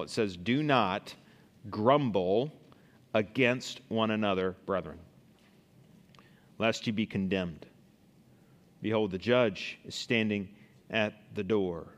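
A man's voice: mid-range voice, long reverb tail. A man preaching a sermon as a pastor, reading Bible verses and giving everyday examples.

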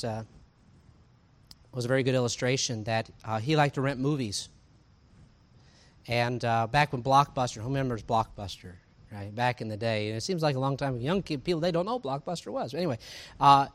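A man, preaching a sermon in a conversational, animated way, full of asides and rhetorical questions. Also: mid-range voice, brisk. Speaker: pastor.

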